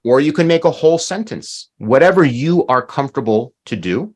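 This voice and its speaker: A man leads an online language class, his pitch rising and falling in an animated way. He models new words slowly and emphatically, often repeating them so learners can hear each one clearly. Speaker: language teacher.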